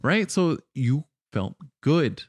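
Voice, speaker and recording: A man in casual podcast talk, explaining his point in a measured way and walking through examples with some fillers. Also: fairly high pitch, sing-song, breathy edge, no echo. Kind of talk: casual chat.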